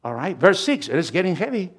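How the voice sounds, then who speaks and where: A man preaching a sermon as pastor, swinging from quiet asides to loud, emphatic lines. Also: high voice, big pitch swings, fairly quick, slightly rough.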